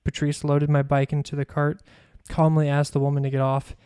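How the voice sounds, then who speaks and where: A man reads his own memoir aloud in a measured, even storytelling manner. His tone is mellow and warm, with little rise and fall in pitch. The recording is close and dry. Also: clear, resonant tone, dry recording. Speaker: podcast host and author.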